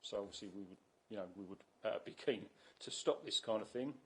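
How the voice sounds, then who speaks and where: A man with an English accent briefing a council committee, brisk and explanatory, with frequent restarts as he hurries through his points. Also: fairly low pitch, rough recording. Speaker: council officer presenting to committee.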